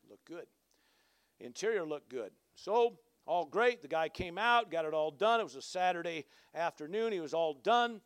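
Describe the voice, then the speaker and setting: A man preaching with a high, bright voice. He tells his story in a rambling, animated way, with restarts and bursts of loud exclamation. The sound is dry and close, with no room echo. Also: normal speed, clean tone. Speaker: pastor. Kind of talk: sermon with a personal story.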